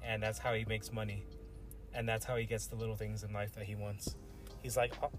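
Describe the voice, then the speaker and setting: A man's voice: on the low side, flat delivery, a little fast, faint music behind. A young man co-hosting a casual podcast chat, slangy and swearing, laughing often. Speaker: podcast co-host.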